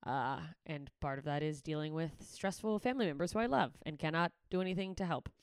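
A woman's voice: low voice, expressive, brisk, clear, resonant tone, no echo, clean studio sound. A woman comedian signing off her podcast in a candid, rambling way, swearing freely as she chats. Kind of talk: casual podcast sign-off chat.

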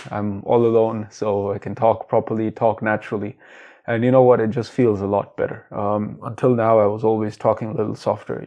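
A young man hosting a casual solo podcast, talking alone in a quiet room with lots of fillers and restarts. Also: mid-range voice. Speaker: podcast host.

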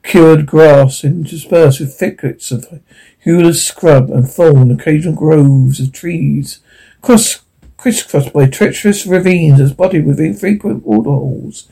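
Man, audiobook narrator, mellow slightly high voice, unhurried, stumbles now and then. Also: vocal fry, slightly rough, rough recording.

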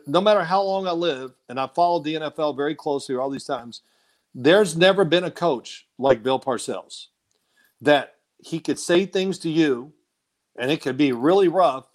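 A man, a former quarterback, telling stories as a guest in an animated, laughing way and acting out quotes. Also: on the high side, moderate pace. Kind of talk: casual phone-in storytelling.

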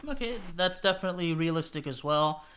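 A man's voice: fairly high pitch, lively intonation, fairly quick, a bit bright. A man co-hosting a casual football prediction chat, hesitant and repeating words, laughing often. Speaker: podcast co-host.

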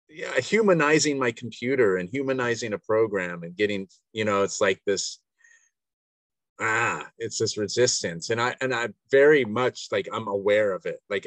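Low, rambling man on a video call. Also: a bit bright, dry recording. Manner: rambling, self-searching, many restarts and laughs. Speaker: coaching client. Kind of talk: casual reflective conversation.

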